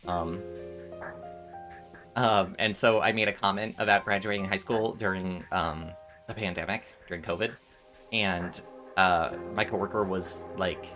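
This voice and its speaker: Low-voiced young male streamer, rambling. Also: fairly even intonation, a little slow, sharp tone, faint music behind. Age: 20s. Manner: rambling storytelling with frequent restarts. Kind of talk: casual chat while gaming.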